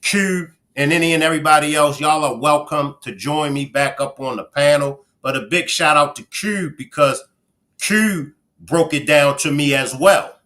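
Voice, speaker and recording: A man from Baltimore with a Baltimore accent, hosting a casual livestream and chatting with viewers as he gives shout-outs. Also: fairly high pitch, moderate pace. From Baltimore, Maryland. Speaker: livestream host.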